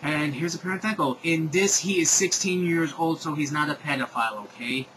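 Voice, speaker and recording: A man's voice: fairly high pitch, a little fast, pushed and bright, slight background noise, low-quality recording. A man reading bad fan fiction aloud in a comedic dramatic style, with exasperated, sarcastic commentary.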